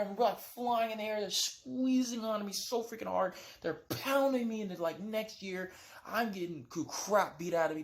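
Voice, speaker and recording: A man casually retelling a dream in a rambling, animated way, with lots of "like" and "right?". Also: high voice. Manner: animated storytelling. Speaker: vlogger.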